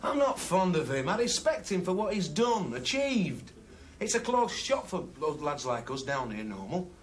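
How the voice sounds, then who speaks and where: A loyal Northern rugby club man in a 1970s television drama. He speaks with a Northern English accent, earnest and quick to defend his friend, his pitch rising and falling a lot. The old broadcast soundtrack carries heavy noise. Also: sing-song.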